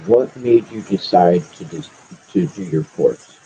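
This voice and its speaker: A man's voice: deep voice, animated, unhurried, dark tone, slight background noise. A man hosting a casual interview over a video call, asking questions and giving brief, friendly replies. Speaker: interviewer, show host. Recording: dull lo-fi call audio.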